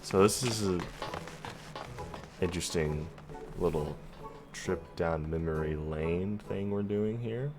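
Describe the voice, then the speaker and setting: A man's voice: low-pitched, slow, pauses often, music in the background. A man streaming a game, chatting casually and poking fun at himself. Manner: chatty, self-deprecating. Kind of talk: let's play commentary.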